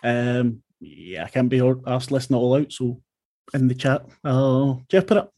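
A man's voice: mid-range voice, moderate pace, dark tone, dry recording, studio quality. A man, a tabletop game player, chatting in an offhand, joking way. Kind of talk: casual chat.

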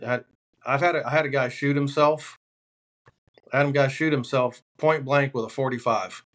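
A man with an ordinary middle-pitched voice tells hunting stories as a podcast guest. He talks loosely and with energy and lands his punchlines deadpan. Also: moderate pace. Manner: animated, deadpan punchlines in anecdotes. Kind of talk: casual podcast storytelling.

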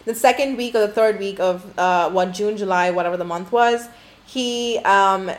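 A woman's voice: mid-range voice, normal speed. A young adult woman telling a story to camera in a casual storytime style, swearing a lot and saying "like" constantly. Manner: profane, rambling, heavy use of "like".

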